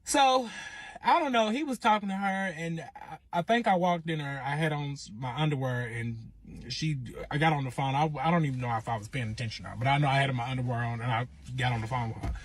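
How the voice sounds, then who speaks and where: A man telling his own relationship story in casual, animated storytime style, acting out quotes. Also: a little high, fairly quick. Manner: animated, acts out quotes in raised voice.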